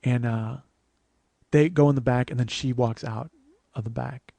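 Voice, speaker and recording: A man in his forties telling a long personal story as host, profane, animated and self-mocking. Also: medium pitch, moderate pace, gravelly, no echo. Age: 40s. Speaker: podcast host.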